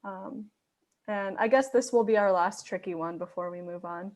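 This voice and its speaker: A woman's voice: mid-range voice, normal speed, darkish tone. Young woman explaining pronunciation. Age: young adult. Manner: explains carefully, checking in with "right?". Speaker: student Spanish tutor. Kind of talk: casual online lesson. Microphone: video call.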